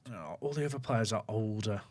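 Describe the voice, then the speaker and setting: Here a man streams a football management game, chatting loosely with viewers and musing aloud as he goes. He has a lowish, slightly mellow voice that sounds animated and runs fairly fast.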